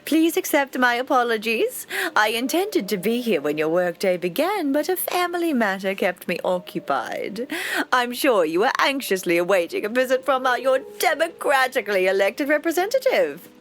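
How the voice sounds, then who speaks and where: A woman's voice: a little high, very animated, moderate pace. A woman voicing a pompous, self-important woman mayor who gives grand, self-congratulatory speeches. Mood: grandiose.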